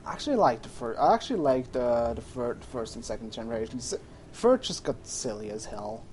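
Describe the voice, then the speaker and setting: A man's voice: medium pitch, very animated, brisk, darkish tone, a little hiss or hum. A man streaming a game, chatting casually, rambling and often correcting himself. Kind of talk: casual gaming livestream chat.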